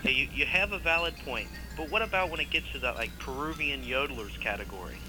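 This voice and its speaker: A man's voice: mid-range voice, fast, over music, low-quality recording. A man calling in to a late-night radio show, chatting in a laid-back, slightly hesitant way. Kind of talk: casual call-in chat.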